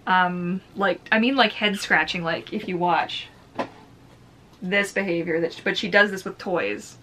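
Bright-voiced woman chatting through an unboxing. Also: on the low side, fairly even intonation, measured pace, slight background noise. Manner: chatty, giggly, talks baby talk to her bird. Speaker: vlogger. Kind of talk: casual unboxing vlog.

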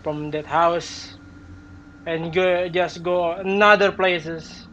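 Slow-spoken man reacting with startled exclaims. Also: high voice, fairly even intonation, a bit bright, lo-fi sound, a little hiss or hum. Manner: slow, halting, exclaiming in surprise. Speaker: reaction video host. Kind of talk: reacting to a video, commentary.

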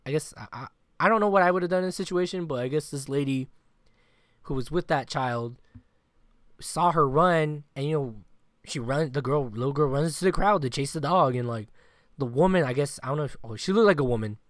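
A man's voice: a little high, a little fast, no room sound, studio quality. A man co-hosting a sports podcast, telling a long story in a rambling, casual way, full of filler words and the odd swear word. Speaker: podcast co-host.

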